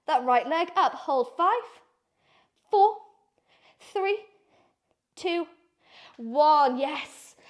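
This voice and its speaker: High, slow, breathless woman yoga teacher. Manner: encouraging cues, slow and breathy while moving. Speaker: yoga instructor. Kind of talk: guided yoga class instruction.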